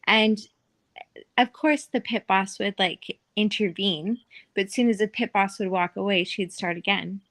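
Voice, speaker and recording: A woman's voice: medium pitch, unhurried, fairly bright tone. A woman telling casual stories as a podcast guest, chatty and full of fillers, often laughing. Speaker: podcast guest, former casino dealer. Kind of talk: casual storytelling.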